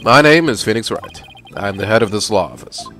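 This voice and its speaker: A laid-back lawyer who runs his own office, voiced by a man in a lowered, dry, low-key tone. Faint game music plays under him. It comes from a fan voice-over of a video game. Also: lively intonation, a little fast, a bit bright.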